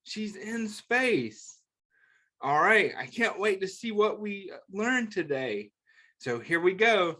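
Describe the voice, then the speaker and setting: A man hosting a children's story time, reading a picture book aloud with a gentle, encouraging, playful manner and asking the young listeners questions. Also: high-pitched, very animated. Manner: slow, clear, playful sing-song delivery.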